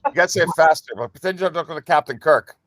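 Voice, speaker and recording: A man's voice: on the high side, fast talker, a bit bright, no room sound. A man hosting a casual podcast chat, playful and chatty. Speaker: podcast host.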